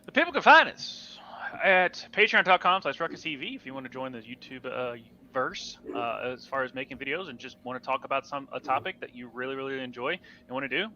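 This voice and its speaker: Bright, joking man on dull audio. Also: mid-range voice, fast talker, few pauses, a little hiss or hum. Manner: joking, emphatic banter. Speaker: podcast co-host. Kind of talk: casual sports chat.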